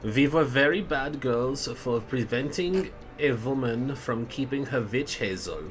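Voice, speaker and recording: With a rumbling, low voice at a measured pace, a sleep-deprived woman tells a rambling story. She's a tabletop game player having a casual chat.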